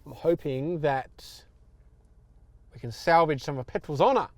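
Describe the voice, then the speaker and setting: A man driving and commentating on car tests, playful and easily excited, speaking from inside a car on a track. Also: on the high side, a little slow, background noise. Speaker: co-host and driver. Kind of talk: casual commentary.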